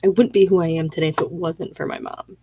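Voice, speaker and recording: A woman hosting a casual parenting chat in a lowish, husky voice. She is blunt and emphatic, and the recording is dry and dull. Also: fairly even intonation, fast, no room sound. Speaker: podcast host. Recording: dry, muffled lo-fi audio.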